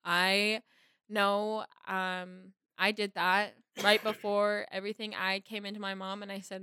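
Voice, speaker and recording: A woman's voice: mid-range voice, little pitch movement, unhurried, sharp tone, clean tone, no echo, studio quality. A teenage girl, a guest on a podcast, talking earnestly and rambling with lots of likes. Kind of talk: casual podcast chat.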